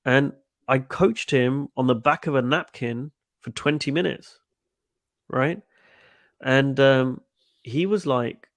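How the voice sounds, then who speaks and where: A man's voice: mid-range voice, unhurried, vocal fry, no room sound. A middle-aged man, a coach, telling stories in a webinar, often repeating words and acting out quoted dialogue. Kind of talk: webinar interview answers.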